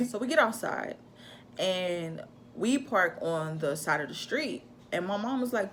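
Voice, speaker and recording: A young woman casually telling a personal story to camera in an animated, chatty way. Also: fairly low pitch, unhurried, slight background noise. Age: young adult. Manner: animated, chatty, acts out her own shouts in quotes. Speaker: vlogger telling a birth story.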